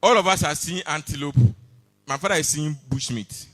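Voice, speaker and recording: A man doing stand-up, chatty storytelling broken by sudden loud exclamations. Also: on the high side, moderate pace. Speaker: stand-up comedian. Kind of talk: stand-up comedy set. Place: comedy awards stage before a live audience.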